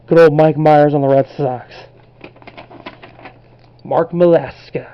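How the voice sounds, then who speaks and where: A man's voice: a little high, measured pace, long pauses, lo-fi sound, slight background noise. Rambling young man vlogging. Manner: relaxed and rambling, unsure of name pronunciations. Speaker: collectibles vlogger. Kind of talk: casual talk to camera.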